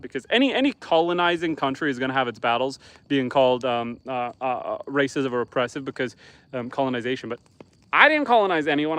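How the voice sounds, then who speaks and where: A man's voice: medium pitch, a bit bright, no room sound. A man from Northern Canada with a Canadian accent, casually chatting on a livestream from his homestead, rambling and easygoing with plenty of ums and restarts. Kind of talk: casual livestream chat, reading viewer comments. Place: outdoors at an off-grid homestead by a bonfire.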